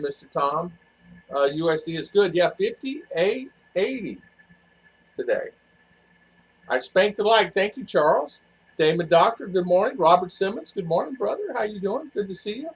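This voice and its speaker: Brief: older male vlogger, husky voice, a touch high-pitched, easygoing livestream chatter to the camera. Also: rough recording. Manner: chatty, laughs easily, greets chat by name. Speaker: livestream host. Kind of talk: casual livestream chat greeting viewers. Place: home in a cool hill town.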